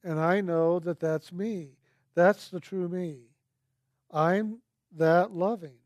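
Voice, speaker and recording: In a gentle, earnest storytelling voice, a man shares a personal spiritual testimony, often lingering on and repeating his key words. His somewhat high voice is steady and slow, recorded close up in a dry space with no room echo.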